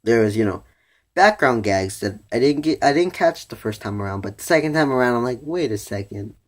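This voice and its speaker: A man's voice: medium pitch, expressive, brisk. A teenage boy in a casual video review, rambling with many "you know"s and "like"s, restarting his sentences as he thinks aloud. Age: teens. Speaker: vlogger reviewing a cartoon episode.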